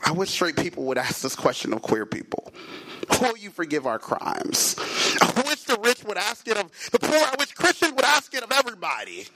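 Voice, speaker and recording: High, bright-voiced man preaching. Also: huge pitch swings, low-quality recording. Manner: rhythmic preaching cadence with repeated phrases and rising emphasis; slows and stretches key words, occasionally shouts. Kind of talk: sermon.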